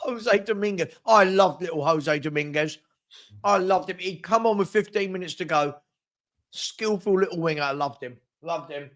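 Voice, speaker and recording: A man's voice: high-pitched, moderate pace, fairly bright tone. A man hosting a live football scores show, chatting casually and teasing his panel with quiz questions.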